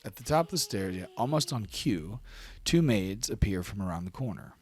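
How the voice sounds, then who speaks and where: A man's voice: fairly low pitch, animated, normal speed, darkish tone, husky, no echo. A man narrating a tabletop game as game master, descriptive and casual, with many fillers. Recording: faint music behind.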